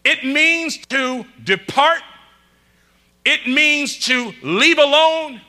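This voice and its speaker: A man pastor preaching a sermon, calling out to the congregation and swinging between loud bursts and quiet asides. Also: very high voice, animated, drawn-out words.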